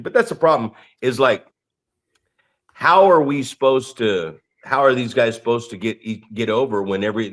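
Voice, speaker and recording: A man co-hosting a podcast, telling profane, animated stories full of acted-out quotes in casual chat. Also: medium pitch. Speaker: podcast co-host.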